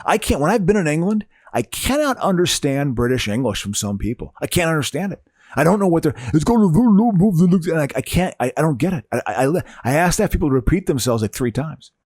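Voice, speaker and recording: A man's voice: a little high, sing-song, brisk, a little mellow, no echo, studio quality. A man co-hosting a podcast in casual chat, stammering and restarting often, laughing a lot. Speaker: podcast co-host.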